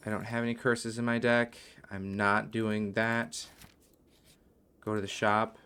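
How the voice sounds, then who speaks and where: Guy playing a card game, low voice, slow and muttery, naming cards as he goes, faint hum behind. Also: level tone, bright, forceful tone, clear, resonant tone. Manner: muttering card names as he plays, worried asides. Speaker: gaming video host. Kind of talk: gameplay commentary.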